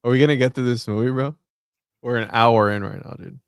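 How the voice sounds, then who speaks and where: A man's voice: mid-range voice, brisk, gravelly, clean tone, dry recording, studio quality. A man co-hosting a podcast in laid-back, slangy casual chat. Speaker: podcast co-host.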